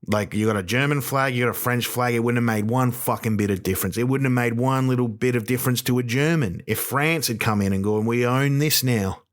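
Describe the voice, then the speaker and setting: A man's voice: medium pitch, quick pace, few pauses. Sweary man ranting. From Australia. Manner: sweary, rambling, sarcastic. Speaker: comedian, podcast host. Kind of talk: stand-up style rant.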